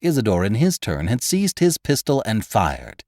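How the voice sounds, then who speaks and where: A man narrating a classic adventure story in an expressive, dramatic way, as host. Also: on the low side, moderate pace, no room sound, clean studio sound. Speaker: audiobook narrator and podcast host.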